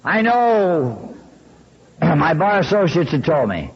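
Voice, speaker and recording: A man in his sixties telling his recovery story with wry, folksy humor, often clearing his throat. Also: a little high, big pitch swings, slow, lo-fi sound.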